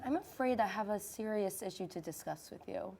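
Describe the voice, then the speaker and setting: An actress playing a therapist who questions her patients in a measured, dry and probing way, in a comedic student film. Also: medium pitch, vocal fry, music in the background, natural voice. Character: patient, increasingly exasperated woman therapist.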